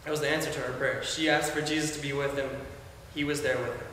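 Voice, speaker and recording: A young man preaches in a fairly high voice, telling his story earnestly and sinking to a hush for quotes. He sounds far from the microphone, with a long, booming reverb filling the hall. A faint hiss sits underneath. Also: fairly even intonation, quick pace. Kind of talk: sermon.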